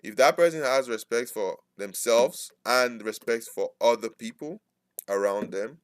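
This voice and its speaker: A man's voice: medium pitch, a little slow, clean tone, no room sound. A man talking casually to his viewers, rambling and correcting himself as he goes. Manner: rambling, self-correcting, mimics interruptions. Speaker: trading streamer. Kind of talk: casual talk to camera.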